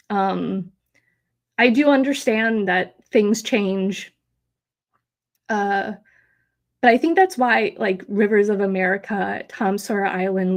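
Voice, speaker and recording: Woman in her 30s on a live stream, slow, rambly, kinda emotional, lots of ums. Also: medium pitch. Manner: emotional, rambling with many fillers, reads chat aloud. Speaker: host of a live theme park stream.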